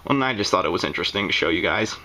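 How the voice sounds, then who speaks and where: A man's voice: deep voice, lively intonation, very fast, sharp tone, rough recording. A young man hosting a casual video, rambling through his review with lots of fillers and restarts. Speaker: video host. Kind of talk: casual toy show-and-tell review.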